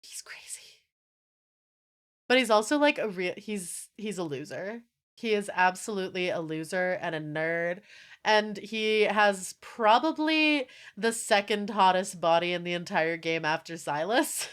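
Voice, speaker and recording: A young woman streaming and chatting casually with her viewers, animated and swearing often, with frequent laughter. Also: mid-range voice, measured pace, clear, resonant tone. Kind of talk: casual live-stream chat.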